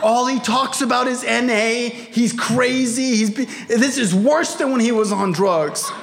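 A comedian voicing his exasperated middle-aged father with shouted, incredulous outbursts. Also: very high voice, measured pace, vocal fry, background noise, pitched above the performer's own voice, exaggerated voice.

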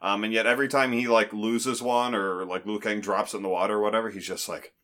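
A man in casual movie-review chat, talking in halting restarts with dry humor. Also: fairly low pitch, flat delivery, sharp tone. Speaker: podcast co-host.

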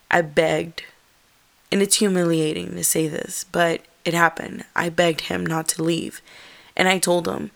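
A young woman telling a personal story in an earnest, halting way, with fillers and restarts. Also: lowish voice, a bit bright.

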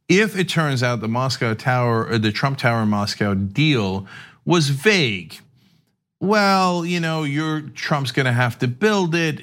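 Man, podcast host, casual political talk, sarcastic, acts out quotes, mid-pitched voice. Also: fairly bright tone.

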